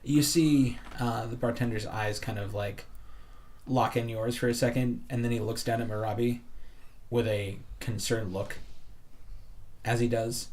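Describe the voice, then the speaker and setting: A man's voice: lowish voice, a little mellow. Laid-back male game master. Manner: casual, filler-heavy narration. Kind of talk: narrating a tabletop game.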